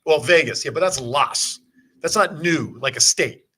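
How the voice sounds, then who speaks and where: Bright, husky, lively talk show host. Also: male voice, fairly high pitch, measured pace. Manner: wisecracking, reads news items aloud. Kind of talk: casual interview chat.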